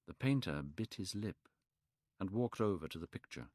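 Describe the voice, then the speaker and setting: A man narrating an audiobook for English learners, slow and clear. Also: low-pitched, expressive, darkish tone, no echo, clean studio sound.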